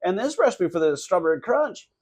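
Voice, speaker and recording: A man's voice: high-pitched, sing-song, brisk, a little mellow. A man talking casually as a guest on a local talk show, rambling with many fillers and restarts. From California. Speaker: guest, cookie business owner. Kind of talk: casual interview chat.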